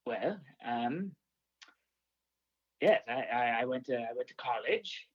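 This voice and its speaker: Guy playing a stuffy british-ish royal herald calling in, slow and breathy, dull muffled line. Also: medium pitch, expressive. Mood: pompous. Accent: put-on British-sounding. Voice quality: stuffy, halting, over-formal. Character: pompous male royal herald, befuddled. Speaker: caller. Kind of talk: improvised comedy call-in.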